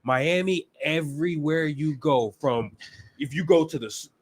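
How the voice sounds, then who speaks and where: A man co-hosting a casual chat, chiming in and laughing along. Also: a little high. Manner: chatty, quick to laugh along. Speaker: co-host.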